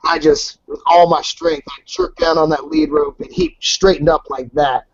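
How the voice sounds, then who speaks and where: Male podcast guest, animated storyteller, slightly high, dry and muffled. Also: moderate pace, vocal fry, no room sound. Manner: animated, swears, acts out voices in anecdotes. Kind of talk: casual storytelling. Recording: dull lo-fi podcast audio.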